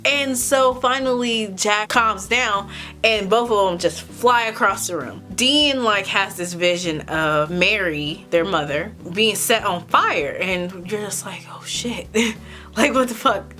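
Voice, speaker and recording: A young woman hosting her own vlog, recapping a TV episode in a casual, animated way and swearing freely. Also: mid-range voice, a little slow, faint music behind. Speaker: vlog host.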